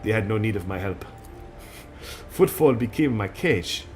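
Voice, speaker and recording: A man's voice: on the low side, lively intonation, unhurried, a little mellow, a little hiss or hum, pitched below the performer's own voice. A man voicing a brooding warrior woman, shaky French accent. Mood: solemn. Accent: put-on French, slipping. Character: brooding stern female warrior guardian. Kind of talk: reading game dialogue aloud.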